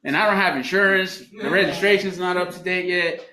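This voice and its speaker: A man's voice: high-pitched, a little fast, bright, forceful tone. A man in a recovery program sharing his story at a meeting, swearing and laughing as he tells it. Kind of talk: candid share at a recovery meeting. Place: meeting room. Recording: echoey room, faint background noise.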